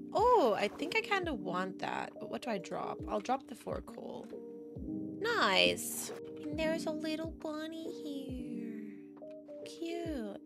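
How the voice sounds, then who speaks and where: A woman giving casual, chatty gameplay commentary, easily excited and gasping at new finds. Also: medium pitch, gravelly. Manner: chatty, excitable, gasps at discoveries. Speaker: Minecraft gaming creator. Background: background music.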